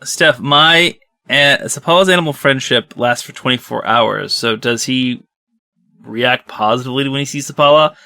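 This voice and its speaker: A man's voice: mid-range voice, moderate pace, vocal fry, bright, forceful tone, no room sound, studio quality. A man playing a tabletop game, playful and asking rules questions. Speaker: player.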